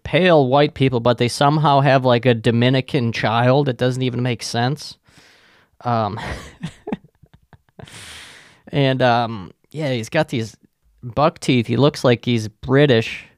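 A man's voice: mid-range voice, clean tone, no echo, studio quality. A man with a profane, sarcastic manner, rambling through a casual solo rant as a podcast host.

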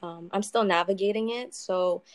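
A woman singer-songwriter talking in a casual interview, soft-spoken and reflective, with many pauses and ums. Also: medium pitch, no room sound.

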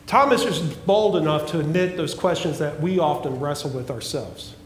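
A male pastor preaching a sermon, emphatic and repetitive, dropping at times to a hushed, pleading tone. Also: fairly high pitch, expressive, moderate pace, slight background noise. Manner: emphatic preaching with repeated phrases and swings from loud to hushed. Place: church sanctuary. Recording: echoey church hall.

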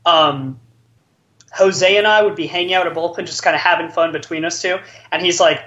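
Here a podcast co-host tells friends a long, rambling story loaded with the filler "like." His voice is a little high and steady, at a moderate pace, with a sharp tone and lo-fi sound.

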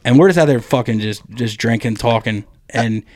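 A man's voice: mid-range voice, moderate pace. A man co-hosting a podcast, telling a crude story in a rambling, profane way full of "like". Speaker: podcast co-host.

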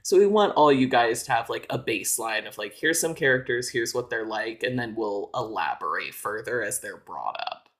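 A man co-hosts a relaxed podcast, talking things through in long explanations. His talk is loose and casual, full of "like" fillers as he goes. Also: medium pitch, moderate pace, few pauses. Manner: explanatory, filler-heavy with frequent "like". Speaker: podcast co-host. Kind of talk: casual chat.

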